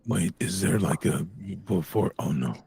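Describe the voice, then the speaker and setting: A man's voice: sits low, animated, measured pace, vocal fry, very noisy. A man playing a tabletop game, joking around in casual chat. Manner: playful, joking. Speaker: player.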